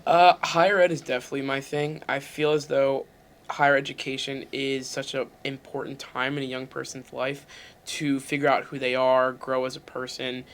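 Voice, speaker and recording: A man's voice: mid-range voice, flat delivery, fairly bright tone. A man in his twenties, a guest on a hot wing interview, joking about himself while talking through bites of spicy food. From Pennsylvania, USA. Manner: joking, self-mocking, quick asides. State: eating spicy wings, talking while chewing. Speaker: interview guest, university staff. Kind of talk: casual chat over a hot wing challenge.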